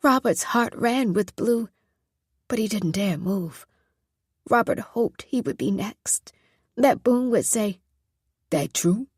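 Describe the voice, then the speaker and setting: Husky-voiced woman narrating a story. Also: a little high, animated, takes it slowly, dry recording, studio quality. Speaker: audiobook narrator. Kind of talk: scripted narration.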